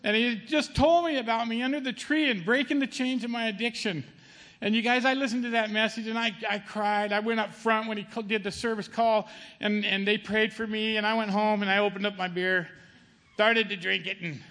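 A man's voice: high-pitched, steady tone, normal speed, pushed and bright, big-room sound. A middle-aged man giving a spoken church testimony in a conversational way, often asking the audience "okay?" and calling them "man". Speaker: testimony speaker.

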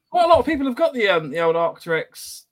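Podcast host reading out comments. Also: male voice, extremely high pitch. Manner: reads out comments, laughs easily. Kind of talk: casual chat.

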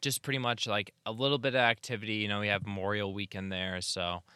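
A man's voice: on the low side, level tone, fast talker, pushed and bright, clear, resonant tone, no echo, clean studio sound. A man co-hosting a podcast, recounting a trip in a laid-back, casual storytelling way. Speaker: podcast co-host. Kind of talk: casual chat.

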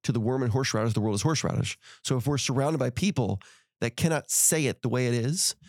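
A man's voice: medium pitch, quick pace, a little mellow, no room sound. A middle-aged man hosting a podcast, telling a story in casual conversation and acting out heated quotes. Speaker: podcast host.

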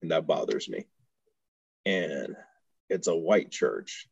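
A man's voice: rumbling low, very animated, slow, gravelly, slightly rough, no echo. A man from Houston telling stories in casual chat as a podcast guest, laughing often and acting out the voices of people he quotes. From Houston, Texas. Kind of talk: casual storytelling.

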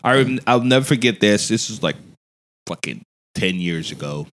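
A man, a stand-up comedian, chatting casually on a podcast and telling animated, profane stories. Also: fairly low pitch, normal speed.

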